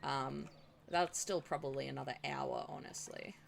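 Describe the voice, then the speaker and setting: A woman's voice: very deep voice, normal speed, gravelly, slight background noise. A woman chatting casually while streaming a game, talking back to her viewers. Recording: music playing behind the voice.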